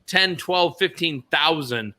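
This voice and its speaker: Brief: man, casual podcast host, slightly high voice with a very bright, sharp edge, rambling and emphatic. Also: slow. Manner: rambling, emphatic storyteller who curses freely. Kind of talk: casual storytelling chat.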